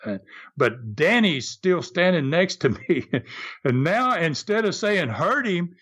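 An older man with a Southern American accent, casually telling stories as a podcast host, chuckling and acting out shouted quotes. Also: fairly high pitch, unhurried. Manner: animated, acts out shouted quotes, chuckles often. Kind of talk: casual storytelling.

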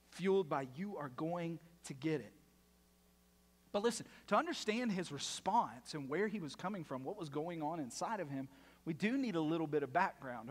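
Male pastor, sermon; lively, high-pitched delivery with big swings, reverberant sanctuary. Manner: animated and playful, drops to a hush for emphasis. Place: church sanctuary.

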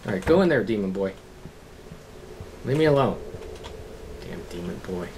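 A gaming channel host doing let's-play commentary, swearing and yelling at the game in frustration. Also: deep voice, lively intonation, moderate pace, background noise.

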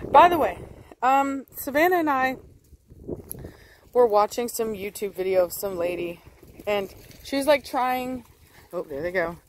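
A woman's voice: a little high, lively intonation, a little slow, pauses often, low-quality recording. A woman with a Texan accent chatting casually outdoors in a vlog, talking to her dogs. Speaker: dog breeder vlogger. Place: outdoors in a windy yard. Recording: faint wind noise outdoors.

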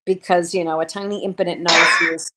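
A woman's voice: lowish voice, level tone, brisk, heavy background noise. A woman co-hosting a show, casually recapping TV episodes in a rambling way, full of fillers and quoted lines. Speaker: podcast co-host reviewing a TV series.

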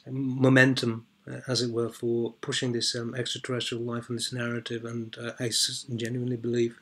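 Male vlogger, middle pitch, very monotone, hesitant filler-heavy off-the-cuff commentary. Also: fairly quick, a little hiss or hum. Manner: hesitant, heavy with ums and uhs; emphatic repetition for stress. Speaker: video blogger. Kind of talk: unscripted commentary while reading an article.

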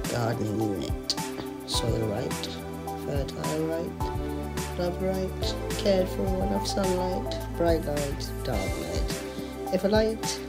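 Low, slow female voice for an improvised spoken-word piece; rambling, playful, music bed underneath. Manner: rambling, playful wordplay, rhetorical questions. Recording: music playing behind.

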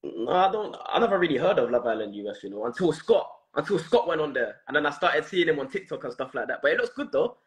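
A man's voice: a little high, sing-song, fast talker, few pauses. A young man with a London accent, chatting casually as a guest, laid-back and full of slang, laughing often. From England. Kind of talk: casual interview chat.

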